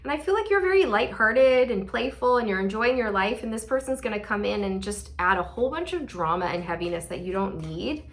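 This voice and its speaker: A woman's voice: fairly high pitch, expressive, a little fast, few pauses. Chatty woman doing a sassy tarot reading. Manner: chatty and sassy, with laughing asides. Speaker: tarot reader. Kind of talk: casual channeled tarot reading.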